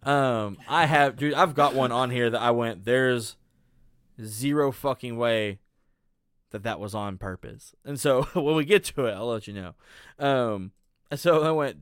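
Speaking a little slowly in a clear, resonant medium-pitched voice, a young man co-hosting a podcast tears into a bad movie on a clean, dry studio recording. His riffing is profane and full of laughter, and he mocks the characters by acting out scenes in their voices.

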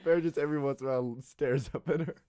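A man's voice: mid-range voice, steady tone, fast talker, warm tone, clear, resonant tone, dry recording. A young man chatting casually on a podcast, playful and laughing often, slipping into jokey put-on southern accents. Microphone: close studio mic.

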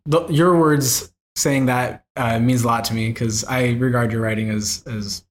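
A man in a casual podcast conversation with a voice of ordinary pitch. He rambles and restarts his sentences. He often laughs at himself. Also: fairly even intonation, a little slow.

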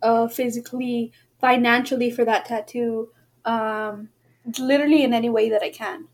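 A woman's voice: a little high, steady tone, moderate pace. A young woman co-hosting a casual chat, reading out questions in a playful, teasing way.

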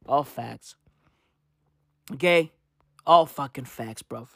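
A man's voice: mid-range voice, takes it slowly, creaky, a bit bright, no room sound, clean studio sound. A man in a profane, rambling comedic rant who repeats his phrases and swears constantly. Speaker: vlogger.

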